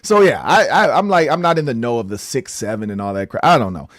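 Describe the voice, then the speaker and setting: A man's voice: mid-range voice, lively intonation, quick pace, a bit bright, no echo. Man, sports podcast co-host, rambling, self-correcting, dry close mic. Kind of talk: casual sports analysis chat.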